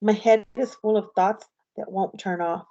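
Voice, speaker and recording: A woman teacher reading a novel aloud to her class with steady, clear storytelling narration, on a slightly dull, lo-fi recording. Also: mid-range voice, normal speed.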